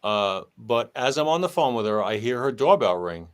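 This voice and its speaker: His tone is clean, his pitch medium, and he talks at normal speed. The man, formerly a police sergeant, tells a long story in conversation, animatedly performing the dialogue with a changing voice.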